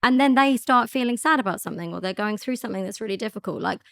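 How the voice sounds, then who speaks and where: A woman in her thirties with a mid-pitched voice, chatting earnestly on a podcast. Her delivery is lively and heartfelt, with a dry, close sound. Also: quick pace, gravelly, dry recording. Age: 30s. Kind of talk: casual chat.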